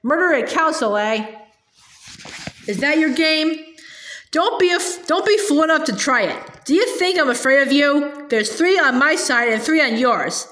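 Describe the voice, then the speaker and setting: A woman's voice: sits high, animated, normal speed, a bit bright. A woman reading the part of a bitter, defiant male dwarf in a cold, snapping manner, in a roomy space. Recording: roomy echo.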